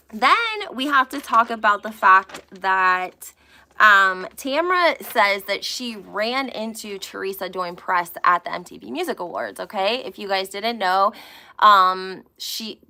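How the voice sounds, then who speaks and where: Woman, live-stream gossip vlogger, casual chat, gravelly edge, bright tone, keeps asking "right?". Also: medium pitch. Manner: chatty, keeps checking in with "okay?" and "right?".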